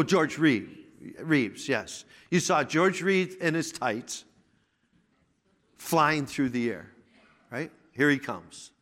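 A man's voice: fairly high pitch, a bit bright. A middle-aged man preaching a conversational sermon, with restarts and personal asides. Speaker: pastor.

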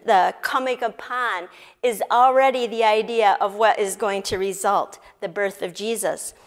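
A woman giving a Bible teaching to an audience, slow and deliberate, explaining words one by one. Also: a little high. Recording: long hall reverb.

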